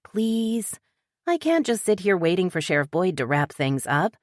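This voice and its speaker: Woman doing an eager joking young bookshop owner, pitched up, audiobook. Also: big pitch swings, a little slow, no echo, clean studio sound. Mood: pleading.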